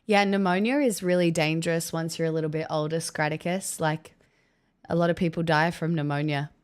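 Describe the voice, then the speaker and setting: A woman's voice: low-pitched, steady tone, brisk, clean tone. A woman chatting casually on a livestream, thanking viewers with wry asides while recovering from an illness and coughing now and then.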